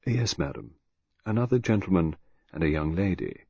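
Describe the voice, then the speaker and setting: A man playing a smooth, deferential male servant who speaks in a low, polite murmur. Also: animated, moderate pace, darkish tone, dry recording, heavily acted. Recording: dull, dry lo-fi recording.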